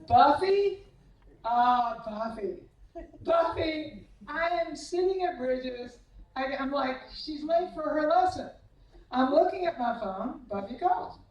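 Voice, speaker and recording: A woman with a high voice gives a humorous after-dinner speech, telling teasing anecdotes about her former tennis players. She acts out their voices as she goes. The sound is echoey and distant, as if the mic sits across a large banquet hall. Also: lively intonation, slow, a little mellow, lo-fi sound.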